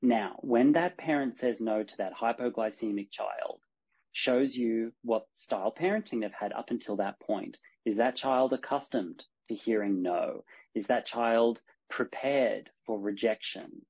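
A man, a horsemanship coach talking as a podcast guest, animated and acting out the lines in his stories. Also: medium pitch, measured pace. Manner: animated storyteller, acts out dialogue. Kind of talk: podcast conversation. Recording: dull lo-fi podcast sound.

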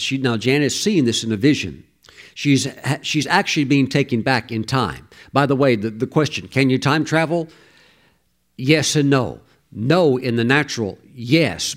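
Emphatic male preacher. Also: mid-range voice. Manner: emphatic, with stammered restarts and sudden exclamations. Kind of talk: sermon.

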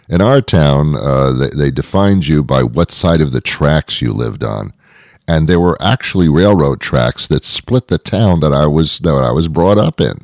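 A man with an extremely deep, gravelly voice rambles through a deadpan comedy monologue, full of sardonic, misanthropic asides. His delivery swings widely in pitch. The recording is dry and close, with no room sound. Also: moderate pace, dry recording.

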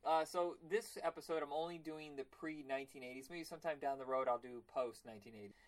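A man hosting a podcast in a casual chat, rambling and excitable, often slipping into cartoon voices. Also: fairly high pitch, fast. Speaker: podcast host.

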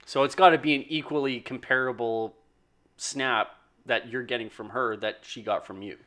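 A man's voice: mid-range voice, steady tone, moderate pace, sharp tone. A man co-hosting a casual chat, reasoning things through and often repeating words as he starts. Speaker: podcast co-host.

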